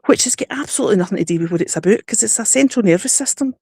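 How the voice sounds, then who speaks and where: A woman's voice: mid-range voice, expressive, racing, a little mellow, husky, no echo. A chatty woman with a broad Glasgow accent tells rambling stories with frequent laughs. Her voice sits mid-range, recorded close and dry with no room sound. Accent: Glasgow Scottish. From Scotland. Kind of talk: casual chat.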